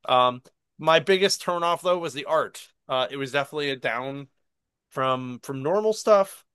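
A man's voice: on the high side, moderate pace, fairly bright tone, smooth, no echo, clean studio sound. A man casually recapping and reviewing a comic book on a podcast, rambling with fillers and laughing often.

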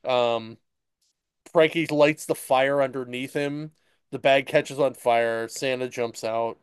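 Smooth-voiced man recapping a comic, dry sound. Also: medium pitch, steady tone, dry recording. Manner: rambling, retells stories with quick voiced asides. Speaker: comic book podcast host. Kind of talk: casual chat.

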